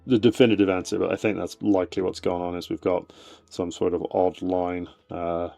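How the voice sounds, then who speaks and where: A man's voice: low voice, gravelly, warm tone. Rambling man with many ums. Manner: rambling, hesitant, many fillers and restarts. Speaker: fossil preparator streaming his work. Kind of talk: casual live-stream explanation. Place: home shed workshop. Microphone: desk mic, voice fades as he moves away.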